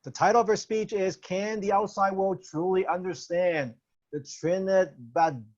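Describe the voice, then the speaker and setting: Man, meeting host, friendly measured introductions, fairly high voice, muffled call audio. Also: darkish tone. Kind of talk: meeting hosting. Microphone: video call.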